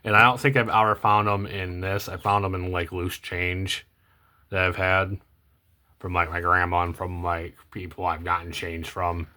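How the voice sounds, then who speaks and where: A very deep-voiced young man talks through what he is sorting in an easygoing, unscripted way. He hesitates, restarts his sentences and fills pauses with ums. His phrases often sink to a low mumble at the end. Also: flat delivery. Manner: rambling, hesitant, many ums and self-corrections; low-key, trails off quietly at phrase ends. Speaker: coin collecting vlogger. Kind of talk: casual unscripted commentary while sorting coins.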